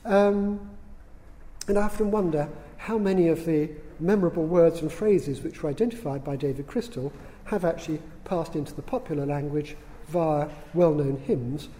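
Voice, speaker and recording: A man giving a public lecture in a large hall, dry and witty, unhurried, with the odd filler. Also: on the high side, dark tone, a little hiss or hum. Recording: reverberant hall sound.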